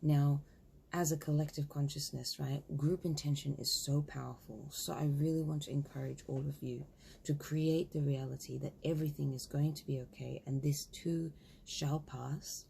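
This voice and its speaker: A woman's voice: low-pitched, steady tone, moderate pace, creaky, warm tone, slight background noise. A woman in her thirties telling a story casually, acting out both sides of a conversation. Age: 30s. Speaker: spiritual vlogger.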